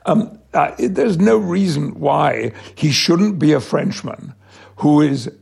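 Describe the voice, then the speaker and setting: Gravelly older Englishman, husky. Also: fairly high pitch, animated. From England. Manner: measured, warmly emphatic, slows on key words. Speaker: guest, actor. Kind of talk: reflective interview answers.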